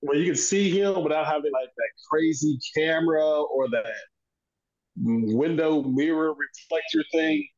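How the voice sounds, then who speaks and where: A man's voice: on the high side, measured pace, a little mellow. A middle-aged man, a podcast co-host, talking emphatically in casual chat about parenting. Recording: dull lo-fi sound.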